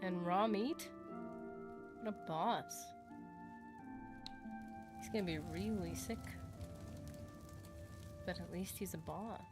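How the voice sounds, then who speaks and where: A woman's voice: fairly low pitch, slow, pauses often. Giggly woman streamer over game music. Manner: chatty, giggly, talks to chat. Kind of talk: casual gameplay commentary.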